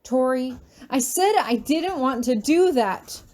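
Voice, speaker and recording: A woman reading aloud who voices a calm, stern male professor speaking low and measured, a little higher than a typical male voice. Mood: calm, firm.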